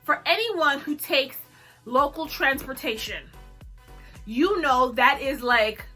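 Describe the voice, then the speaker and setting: Young woman vlogger, high and bright, dramatic storyteller who laughs a lot. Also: slow pace, soft background music. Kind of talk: storytime chat.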